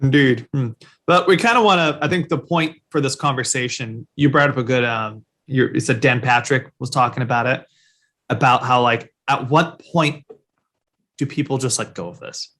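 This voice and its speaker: A man's voice: mid-range voice, normal speed, fairly bright tone. Rambling man on a sports podcast. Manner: loose and rambling, heavy on fillers, swears casually. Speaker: podcast co-host. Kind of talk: casual sports chat.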